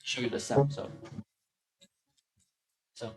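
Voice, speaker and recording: A man giving a one-on-one piano lesson, coaching and singing phrases in syllables. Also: slow pace. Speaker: piano teacher.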